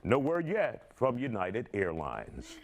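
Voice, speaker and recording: A male news anchor reading a report in a measured way, stressing his questions. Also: fairly low pitch, huge pitch swings, vocal fry.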